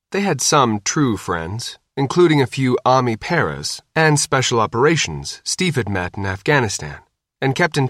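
Here a male audiobook narrator tells a novel's story with a wry, even delivery in his mid-range voice. It's scripted narration captured at studio quality, with no echo.

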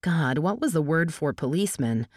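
A woman reading a novel aloud as an audiobook narrator, giving the dialogue a lift in pitch. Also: lively intonation, moderate pace, no room sound, studio quality.

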